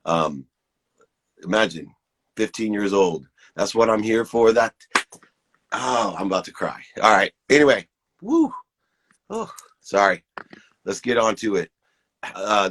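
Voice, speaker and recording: A man's voice: fairly low pitch, fairly bright tone, husky. A man in his fifties giving an enthusiastic, preachy pep talk to viewers on a live stream, hosting it from his phone. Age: 50s.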